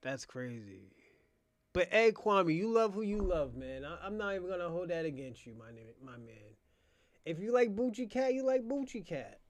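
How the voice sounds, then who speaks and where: A man holds forth in a loose, unscripted monologue on his own channel. He taunts and cackles, drops to low mutters, then bursts out loud. The sound is close and dry, with no room around it. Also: very animated, moderate pace, no echo. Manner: mocking, laughing, swings from quiet mutters to loud outbursts.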